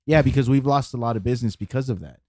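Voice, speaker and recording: A man co-hosting a podcast with a mellow, dark voice. He rambles through his points, repeating words and leaning on fillers while he works out his thoughts. The recording is dry and close. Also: medium pitch, racing, dry recording. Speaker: podcast co-host. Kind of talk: casual chat.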